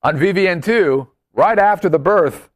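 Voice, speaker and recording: A man's voice: high voice, moderate pace, no room sound. A man co-hosting a casual chat show, playful and joking. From Las Vegas. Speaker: podcast co-host.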